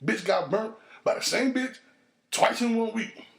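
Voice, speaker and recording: A man hosting a podcast, telling a crude street story in a casual, profane monologue and jumping into higher voices for the people he quotes. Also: unhurried, a bit bright. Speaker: podcast host.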